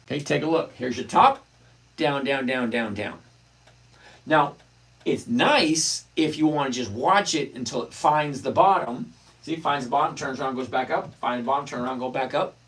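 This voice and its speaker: Husky chatty man on a trading livestream. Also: mid-range voice, normal speed, fairly bright tone. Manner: chatty, greets viewers by name, answers questions. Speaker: livestream host reading chat. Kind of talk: casual live stock-trading chat.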